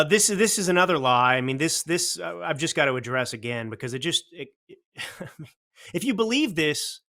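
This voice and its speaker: A man hosts a political commentary talk show in a bright, forceful voice. He is blunt and combative. He fires off rhetorical questions. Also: a little high. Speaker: show host.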